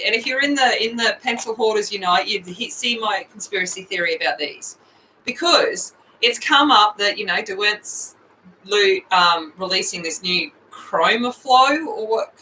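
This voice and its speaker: An Australian woman hosting an art livestream, chatting casually with her viewers, rambling and breaking into excited outbursts. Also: on the high side, a little hiss or hum, rough recording.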